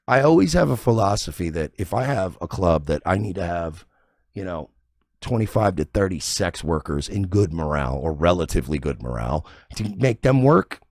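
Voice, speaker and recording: A man's voice: deep voice, very animated, normal speed, a little mellow, no room sound, studio quality. A man hosting a stream, rambling and profane in casual reaction commentary. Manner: rambling, profane, many restarts. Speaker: stream host.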